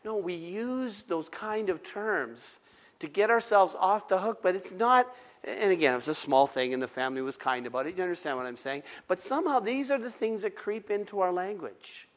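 A man's voice: high-pitched, normal speed. A middle-aged male pastor preaching a sermon, telling stories with acted-out dialogue and conversational asides. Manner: animated storytelling, acts out dialogue, conversational asides.

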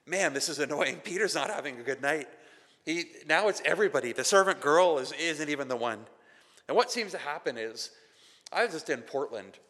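A Canadian pastor preaches with a bright, forceful tone, slipping into conversational, self-deprecating stories and acting out other people's lines. His voice rings out into a large hall with a long reverb tail behind every phrase. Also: fairly high pitch, lively intonation, fairly quick. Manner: conversational, self-deprecating storytelling with acted quotes. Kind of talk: sermon.

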